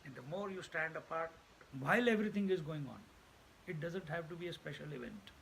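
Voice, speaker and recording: A man gives a spiritual talk in a gravelly, fairly high voice. He repeats points for emphasis and chuckles at his own jokes. A faint hum sits behind the recording. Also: expressive, brisk, fairly bright tone, rough recording. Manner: emphatic repetition. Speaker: spiritual teacher. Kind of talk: Vedanta discourse.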